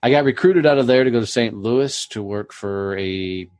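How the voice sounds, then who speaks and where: A man's voice: mid-range voice, moderate pace, a little mellow, no echo. A man telling his story on a podcast in a blunt, profane, storytelling way. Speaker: podcast guest. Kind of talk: casual podcast chat.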